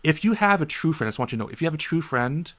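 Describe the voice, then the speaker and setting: A man in his thirties co-hosting a casual podcast, an animated storyteller who acts out the people in his stories. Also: a little high, racing. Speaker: podcast co-host.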